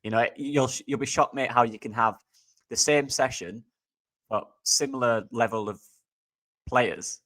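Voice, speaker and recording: A man's voice: mid-range voice, unhurried, fairly bright tone. A man who coaches football, chatting on a podcast in an upbeat, friendly way and calling his co-host mate. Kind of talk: casual football podcast chat.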